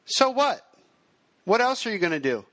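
Guy doing a fed-up young filmmaker, higher voice, pushy questions, dry sound. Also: big pitch swings, moderate pace, pushed and bright, dry recording, heavily acted. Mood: indignant. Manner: rising, protesting questions. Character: young male indie filmmaker, indignant and skeptical.

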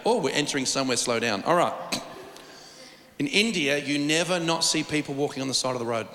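A man preaching a sermon, telling stories in an animated, rambling way with lots of restarts. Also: fairly high pitch, brisk. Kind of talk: sermon with storytelling. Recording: long reverb of a large hall.

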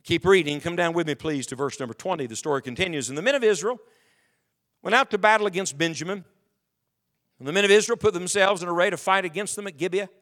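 Quick-paced and high-voiced, with a bit of brightness, a male pastor preaches before his congregation in the sanctuary. He reads scripture in King James wording and presses the room with emphatic questions.

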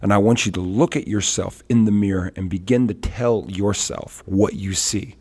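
Animated storytelling evangelist man, low voice. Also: moderate pace, breathy edge. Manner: animated storyteller, acts out quotes. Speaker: traveling worship leader and evangelist. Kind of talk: storytelling on a faith talk show.

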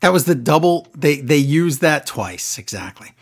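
A man co-hosting a casual wrestling recap podcast, talking in an animated way and acting out quotes in exaggerated voices. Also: fairly high pitch, moderate pace, slightly rough.

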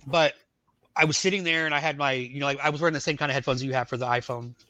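Bright-voiced man telling his story. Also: medium pitch, steady tone, racing, dry recording. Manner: rambling, full of "like" and "you know". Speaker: podcast guest, Army veteran. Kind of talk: casual testimony storytelling.

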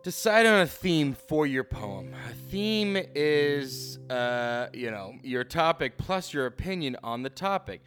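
A man's voice: a little high, animated, unhurried, few pauses, fairly bright tone, soft background music. Rambling casual podcast co-host, man. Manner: rambling, loose, with fillers. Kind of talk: casual comedic chat.

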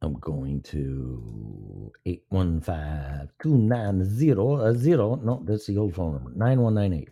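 This live-stream host is a man with a deep, gravelly, warm voice that swings widely in pitch, moves a little slowly and carries a breathy edge. His talk is loose, profane and meandering as he fills time, speaking into a mic placed beside his mouth.

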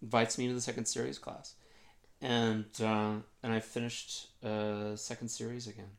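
A man's voice: mid-range voice, flat delivery, moderate pace, creaky. A man guest telling a funny, self-mocking story in a conversation, acting out what people said.

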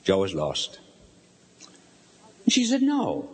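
An older man preaches with a lively, swooping delivery that rises and falls as he tells his story. He stops to quiz the crowd directly. The voice rings out with a long reverb from a large hall. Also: mid-range voice, unhurried. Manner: animated storyteller, asks the audience questions. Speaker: bishop preaching. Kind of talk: live sermon to an audience. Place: large hall before a live audience.

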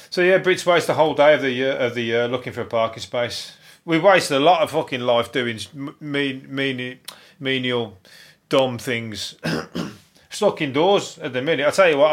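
A man's voice: mid-range voice, a bit bright. A man hosting a podcast, commenting on news stories in a casual, sweary, rambling monologue with jokes and laughter. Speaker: podcast host.

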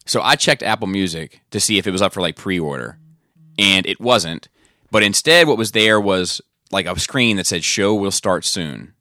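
A man co-hosting a casual chat, telling an animated story and swearing casually. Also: deep voice, moderate pace, no echo. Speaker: podcast co-host.

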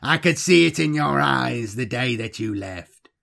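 A man's voice: medium pitch, lively intonation, a little slow, gravelly, a bit bright, full character voice. A man voicing a cool, sardonic male commissar who speaks with dry irony.

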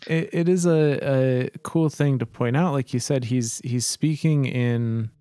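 A man co-hosting a podcast, reading game lore aloud and discussing it in a measured way with many fillers. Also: mid-range voice, warm tone, clean tone, no echo, studio quality. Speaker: podcast co-host.

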